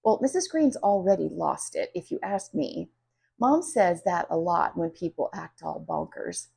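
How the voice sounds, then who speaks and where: Breathy woman reading a storybook. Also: lowish voice, a little slow. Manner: expressive, animated. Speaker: children's book reader. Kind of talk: storybook read-aloud narration.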